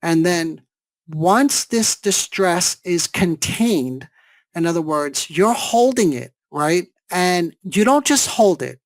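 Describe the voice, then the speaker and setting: A psychologist giving a therapy seminar speaks in a high, animated voice at a slow pace, explaining step by step and checking in with rhetorical questions. The recording has no echo.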